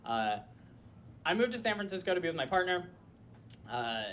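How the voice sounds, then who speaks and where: A man's voice: high-pitched, very animated, normal speed, fairly bright tone, slight background noise. A man telling a casual, rambling story with many fillers at a live storytelling night in a small club. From Minneapolis.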